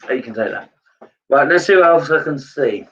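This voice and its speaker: A man's voice: mid-range voice, lively intonation, brisk, fairly bright tone, recorded from a distance, dull audio. A man giving a live psychic reading, earnest and repetitive in his phrasing. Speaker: medium.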